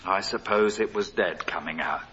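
An older man preaching a sermon, earnest and storytelling, swelling loud for emphasis and dropping low again. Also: normal speed, slight background noise. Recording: dull lo-fi recording.

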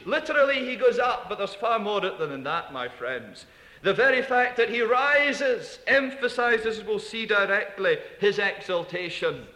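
A man preaching a sermon, emphatic, repeating key phrases and dropping to hushed asides. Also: high-pitched. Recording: echoey hall.

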